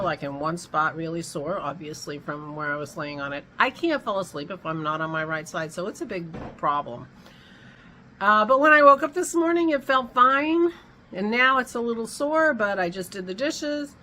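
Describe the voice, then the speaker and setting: A woman's voice: mid-range voice, bright, forceful tone, slight background noise, low-quality recording. Rambling, chatty woman vlogging at home. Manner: rambling, chatty, self-interrupting. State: hiccuping. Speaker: vlog host. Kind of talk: casual chatty vlog.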